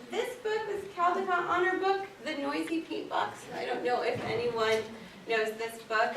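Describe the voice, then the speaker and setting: A bright, fairly high-voiced woman librarian chats through a workshop talk, animated and full of "um"s and "like"s. She sounds set back from the mic in an echoey library meeting room with a faint hiss of noise behind her. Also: distant mic. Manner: chatty, animated, lots of fillers like "um" and "like". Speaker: children's librarian presenting at a workshop. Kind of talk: casual workshop presentation.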